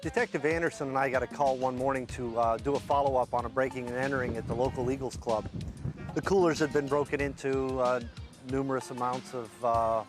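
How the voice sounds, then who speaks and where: A man, a police officer, recounts a break-in case in a middle-pitched voice, pausing often as he goes. Music plays underneath. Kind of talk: interview recollection.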